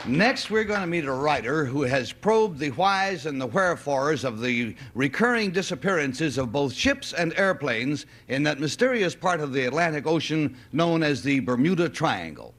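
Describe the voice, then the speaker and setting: A man's voice: a little high, very animated, normal speed, hardly any pauses, fairly bright tone. A man hosting a game show in a TV studio, with a polished, genial announcing manner. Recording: old TV broadcast with studio audience noise.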